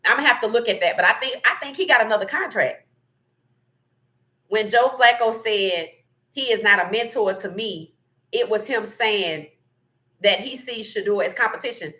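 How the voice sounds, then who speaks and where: A woman hosting a casual sports talk livestream, reading chat comments and giving animated, opinionated takes with frequent laughter. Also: medium pitch, normal speed, long pauses.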